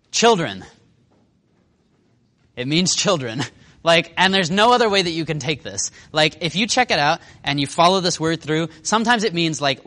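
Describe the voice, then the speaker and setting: A man teaching a casual Bible study, animated and conversational, chuckling as he explains scripture. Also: fairly high pitch.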